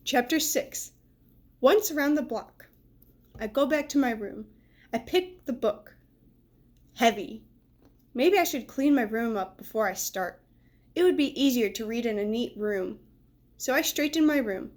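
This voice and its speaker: Woman storyteller, children's book read-aloud, fairly high voice, points out the pictures. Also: expressive, a little mellow. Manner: pauses to describe the pictures.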